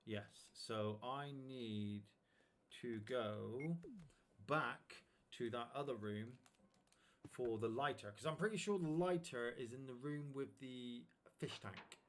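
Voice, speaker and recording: A man's voice: medium pitch, slow, slight background noise. A man streaming a video game live, chatting casually and thinking aloud about his next move. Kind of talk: casual live gameplay commentary.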